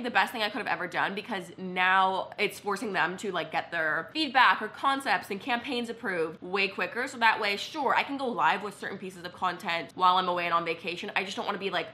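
A woman's voice: medium pitch, bright, forceful tone, slight background noise. A young woman chatting casually to her camera at home as a lifestyle vlogger, upbeat and giddy, with lots of "like" fillers. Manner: chatty, filler-heavy with frequent "like". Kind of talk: casual vlog chat. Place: indoors at home. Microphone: wireless mic worn for filming.

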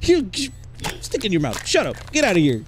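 A man with a Mexican accent doing comedic, crude gameplay commentary and often yelling. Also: high-pitched, wildly swooping pitch, a little fast, noisy background. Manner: loud, crude, joking, yells in bursts. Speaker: gaming YouTuber.

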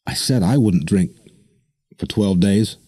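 A man's voice: low-pitched, lively intonation, measured pace, mellow, husky, full character voice. A man voicing a desperate, stubborn young woman who pleads and insists. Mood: pleading.

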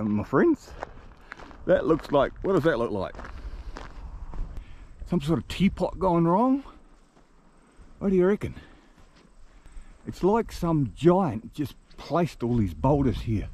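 Male travel vlogger, enthusiastic and animated, casual chat on foot outdoors. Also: on the high side, slow pace, pauses often, a little hiss or hum. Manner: enthusiastic, chatty, talks to viewers. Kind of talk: casual walking vlog. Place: outdoors among rocks.

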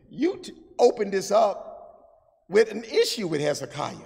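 A man preaches with a high, gravelly voice, swinging from hushed asides to shouted and half-sung lines. The sermon rings through a church with a long echo behind it. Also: sing-song, a little slow. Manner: call-and-response preaching, swings from quiet to shouting and sung phrases. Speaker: pastor. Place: church sanctuary. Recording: long church hall reverb.

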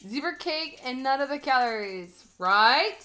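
Bubbly high-voiced woman streamer. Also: animated, measured pace, sharp tone, soft background music. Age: 30s. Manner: bubbly, giggly, rambling. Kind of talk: casual live-stream chat.

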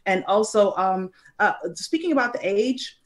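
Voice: mid-range voice, expressive, moderate pace. Hesitant young panel guest. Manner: hesitant, many ums and restarts. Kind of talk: casual panel discussion.

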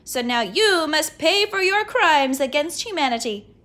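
A woman voicing a grand, shouty female superhero librarian in a storybook reading. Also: high voice, lively intonation, unhurried, exaggerated voice. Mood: grandiose.

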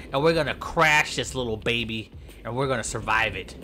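A man commentating gameplay in a goofy, clowning way, yelping and jumping high in pitch when things go wrong. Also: normal speed, sharp tone, slight background noise. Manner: sing-song chanting and repeated silly words.

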